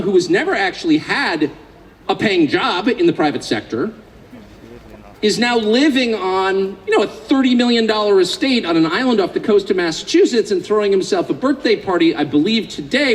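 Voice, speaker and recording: A man with an American accent addresses a live audience, his voice pitched a little high and swinging widely up and down. He speaks in a sardonic, joking way and builds into passionate outbursts. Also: animated, moderate pace, poor audio. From United States. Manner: sardonic, joking, increasingly impassioned. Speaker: invited speaker. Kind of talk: public speech to a live audience.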